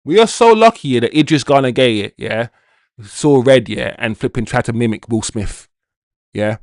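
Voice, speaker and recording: A man's voice: mid-range voice, expressive, moderate pace, darkish tone, dry recording, studio quality. A young man hosting a football watch-along stream, ranting, swearing and talking to his chat. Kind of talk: live-stream commentary and chat.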